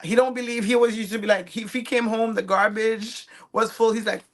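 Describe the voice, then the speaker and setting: A woman in her forties, a guest chef, telling her life story in a casual, animated interview. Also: a little high, fairly quick. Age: 40s. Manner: animated, acts out family quotes.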